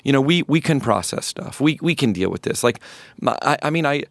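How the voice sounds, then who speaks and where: A man in his fifties from rural North Florida, a musician guest telling a personal story in an interview, reflective and halting with many restarts. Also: medium pitch, expressive, no echo. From rural North Florida, USA.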